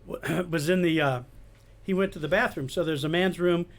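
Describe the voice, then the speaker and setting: An older man, a retired police detective, telling animated anecdotes in a casual chat. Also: on the high side, normal speed. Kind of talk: casual storytelling.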